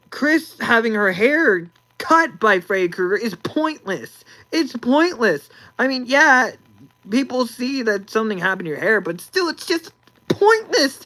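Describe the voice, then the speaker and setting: A woman's voice: high voice, a bit bright, poor audio. A young woman ranting about a movie, exasperated, sighing and repeating words as she talks.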